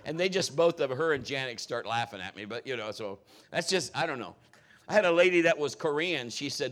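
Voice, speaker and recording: A middle-aged man preaching a sermon as pastor, telling personal stories in an animated, joking way. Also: fairly high pitch, fairly quick.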